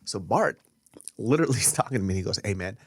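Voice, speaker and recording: A man's voice: fairly low pitch, animated, fast, breathy edge, no room sound. A man co-hosting a podcast, telling stories in casual chat, swearing freely and laughing often into a close studio mic. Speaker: podcast co-host.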